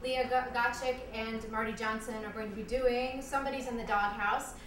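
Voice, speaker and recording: A woman's voice: fairly high pitch, fairly even intonation, fairly quick, a bit bright, slight background noise. A woman introducing the acts at a comedy festival in a brief, casual way with some fillers. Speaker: festival emcee. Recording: echoey room, distant mic.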